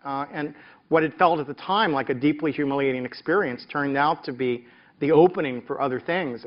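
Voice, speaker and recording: A man's voice: a little high, dull audio. A middle-aged man from the American South, a professor telling stories from his career in an interview, with the rising cadences of a preacher. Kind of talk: reflective interview talk.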